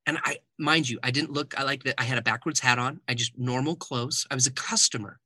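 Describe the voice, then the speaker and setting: Male interview guest, lively storyteller, very bright tone, dry close sound. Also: medium pitch, a little fast, slightly rough, no echo. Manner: animated storyteller who acts out quoted dialogue. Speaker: guest, keynote speaker and author.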